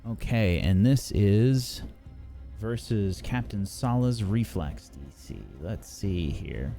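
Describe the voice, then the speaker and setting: A man narrating and running a tabletop game as game master, unhurried and full of fillers. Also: fairly low pitch, lively intonation, warm tone, faint music behind.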